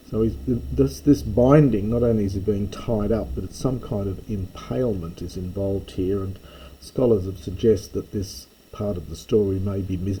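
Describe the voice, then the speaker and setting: An older man giving a slow, halting line-by-line lecture, pausing often with ums and restarts. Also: low-pitched, dark tone, slight background noise, rough recording. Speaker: classics lecturer.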